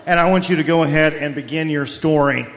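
A man putting on a bombastic, paranoid talk-show host who builds his rants into grave pronouncements, pitched a little high for a man. His voice rings out with a long hall reverb, as if recorded live in a large room. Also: fast talker, a bit bright. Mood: ranting. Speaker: comedic co-host. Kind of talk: parody of a ranting conspiracy radio host.

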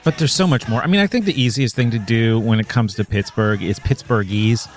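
A man's voice: mid-range voice, a little fast, faint music behind. A man hosting a podcast and chatting in a casual, playful way. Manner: playful, breaks into mock regional voices. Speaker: podcast host.

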